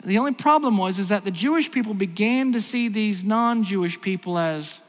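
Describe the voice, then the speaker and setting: High-voiced preaching man in a reverberant hall. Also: normal speed. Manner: conversational preaching, rhetorical questions, frequent restarts. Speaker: pastor. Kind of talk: sermon.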